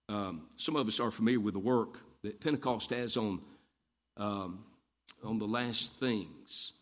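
Folksy preacher man. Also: on the low side. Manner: folksy storytelling, repeats lines for emphasis. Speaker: Baptist preacher. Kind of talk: sermon.

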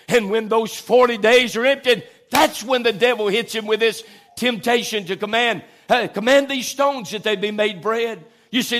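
A high-pitched male preacher delivers a sermon in church. He leans hard on his key phrases, drawing them out slowly, and mixes scripture with folksy asides to the congregation. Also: fairly bright tone. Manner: preaches with slow, drawn-out emphasis and Southern folksy asides. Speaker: pastor.

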